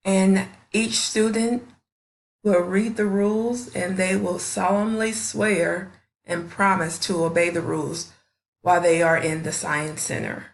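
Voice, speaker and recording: A woman who teaches fifth grade, presenting a classroom science station in a deliberate, instructional way with small slips. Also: medium pitch, level tone, vocal fry.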